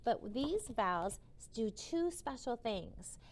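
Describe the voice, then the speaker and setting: A woman teacher giving a slow phonics lesson to young children, sounding out each vowel and gently encouraging them. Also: a little high, very animated, slight background noise. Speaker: kindergarten teacher.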